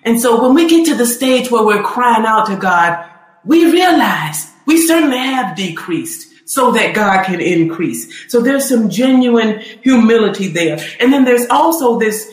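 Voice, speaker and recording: A woman's voice: on the high side, lively intonation, unhurried. A woman preaching a sermon, fervent and emphatic, building her points through repetition and quoting scripture. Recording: roomy echo.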